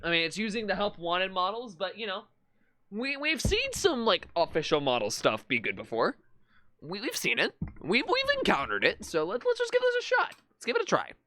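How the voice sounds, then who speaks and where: During a live session, a streamer gives casual commentary in a bright, up-front tone, his mid-range voice rising and falling in lively swings. He talks at a moderate pace, relaxed and unscripted, often stammering and restarting, on a dry recording.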